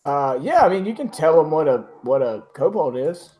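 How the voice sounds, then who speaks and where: A man narrating as game master, casual with lots of filler words, reading room descriptions slowly. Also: on the high side, sing-song, darkish tone.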